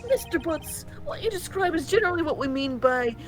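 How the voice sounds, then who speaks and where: Smug male prosecutor, woman reading it plainly, high voice, soft game music. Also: lively intonation, a little fast. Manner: plain read-aloud delivery. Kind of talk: reading game dialogue aloud.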